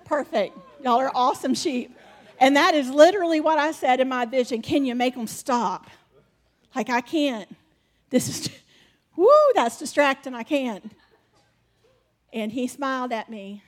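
A woman's voice: high-pitched, unhurried. A woman preaching a conversational sermon, a mother who shares a vision and keeps up laughing asides with her audience. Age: adult mother.

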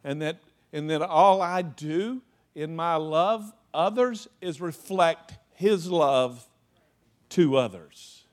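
A man preaching a sermon in a conversational way, telling stories from his own life with lots of "you know" and laughing asides. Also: mid-range voice. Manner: acts out anecdotes with laughing asides. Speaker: pastor.

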